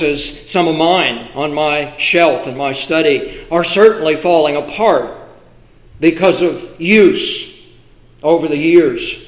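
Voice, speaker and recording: A man preaching a sermon, with deliberate, emphatic delivery and measured pauses. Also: a little high. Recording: echoey room.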